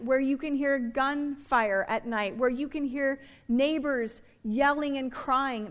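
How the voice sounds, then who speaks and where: High-voiced, animated woman preacher. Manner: conversational, animated, with playful asides. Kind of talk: sermon.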